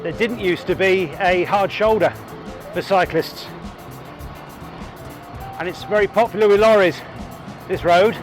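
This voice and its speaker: A chatty, enthusiastic man with a fairly high voice narrates as he cycles along roads and through tunnels. He talks to an action camera on his bike, and music plays clearly underneath. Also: measured pace, long pauses. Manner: chatty, enthusiastic, thinking aloud with fillers. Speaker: cycling vlogger. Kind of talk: casual narration while riding.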